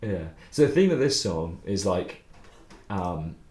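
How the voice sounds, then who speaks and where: Young guy with a low voice, rambly livestream chat about songwriting, swears a lot, echoey room. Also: big pitch swings, measured pace, a little mellow. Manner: rambling, loose, swears, laughs often. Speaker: songwriter streaming his writing process.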